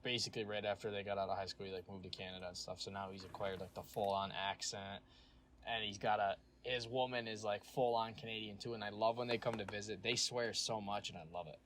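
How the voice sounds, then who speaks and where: A man's voice: fairly low pitch, steady tone, quick pace, a bit bright, a little hiss or hum. A young man co-hosting a podcast, chatting casually and rambling, with lots of fillers and swearing. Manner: laid-back, rambling, profane, with frequent fillers. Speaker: podcast co-host. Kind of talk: casual chat. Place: home, recording remotely.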